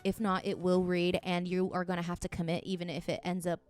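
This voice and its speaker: Earnest actress giving encouraging advice. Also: female voice, fairly low pitch, flat delivery, fairly quick, a little mellow. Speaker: actress answering viewer questions. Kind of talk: advice Q&A vlog.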